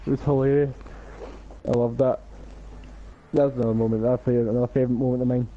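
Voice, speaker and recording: A man's voice: mid-range voice, little pitch movement, rapid-fire, muffled recording. A man in a casual gaming chat, hesitant with many fillers and chuckles.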